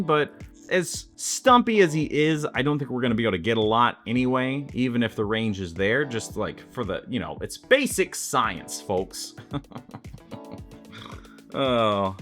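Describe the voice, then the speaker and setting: A man's voice: mid-range voice, a bit bright. A man casually reviewing an action figure, chatty and self-mocking, breaking into exclamations. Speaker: toy reviewer.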